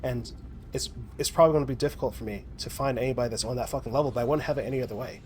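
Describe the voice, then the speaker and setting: A man's voice: mid-range voice, rapid-fire, darkish tone, slight background noise. A man in a casual, rambling monologue while gaming, swearing a lot and restarting his sentences often. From United States. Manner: rambling, profane, many restarts and fillers. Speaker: gaming vlogger.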